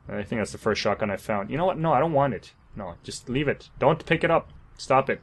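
A man's voice: on the low side, fast, hardly any pauses. A man commentating his own zombie game playthrough, swearing, joking and talking to himself in exasperation. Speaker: gamer. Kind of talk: let's play commentary.

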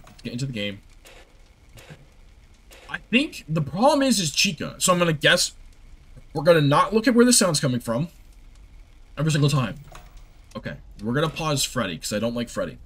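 A man's voice: a little high, huge pitch swings, moderate pace, pauses often, fairly bright tone, slightly rough. Exasperated young man streaming a game. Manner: rambling, exasperated, talks to chat. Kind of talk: live gameplay commentary.

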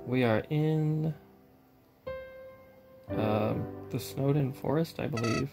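A man's voice: medium pitch, takes it slowly, long pauses. A man hosting a let's play, chatting casually and rambling about the game and his channel. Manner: rambling, self-deprecating, laughs often. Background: game music.

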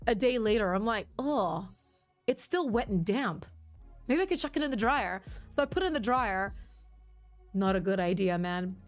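A woman's voice: mid-range voice, animated, normal speed, faint music behind. A woman livestreamer chatting casually with her viewers, laughing often and reading chat aloud.

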